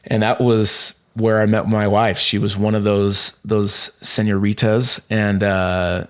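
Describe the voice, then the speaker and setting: A man in his thirties tells a personal story on a podcast in a lowish voice. He rambles and restarts, piling up fillers as he goes, and gets animated in the telling. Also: slow pace, smooth. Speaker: podcast guest. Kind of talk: casual storytelling.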